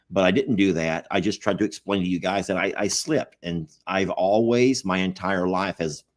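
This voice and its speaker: A man co-hosting a casual chat, joking and acting out quoted texts in a raised voice. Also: deep voice. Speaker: co-host.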